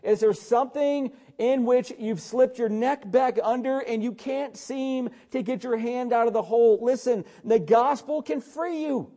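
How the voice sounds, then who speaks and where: A man's voice: extremely high pitch, unhurried, few pauses, mellow. A middle-aged man, a pastor, preaching a sermon in an urgent, exhorting way, often calling out to listeners.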